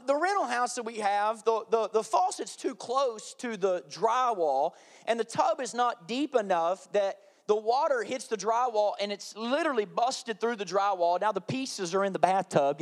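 Male pastor, thirties, animated storyteller, light high voice. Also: moderate pace. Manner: animated storytelling, acting out his kids' voices. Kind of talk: sermon.

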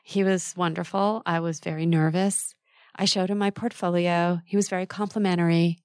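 A middle-aged woman who is a textile designer and author tells a personal story in an interview, lively and candid, with quick asides. Her voice is fairly low and clean-toned, in a dry recording.

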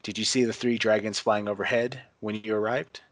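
A commanding young queen speaks in formal, measured lines, read by a man. The voice sits fairly low and dry, with no roominess around it. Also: little pitch movement, no room sound, natural voice. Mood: regal.

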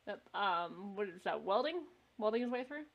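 A woman's voice: medium pitch, lively intonation, moderate pace, creaky, lo-fi sound. Blunt, laughing woman podcast co-host. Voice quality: blunt, laughs often, swears freely. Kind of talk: casual chat while watching a movie.

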